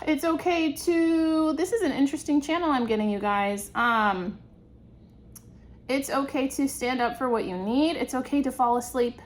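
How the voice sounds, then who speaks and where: Casual tarot reader, young woman, a bit high-pitched, warm and chatty. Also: animated, unhurried. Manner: chatty, laughs often, warm reassurance. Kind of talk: casual intuitive tarot reading.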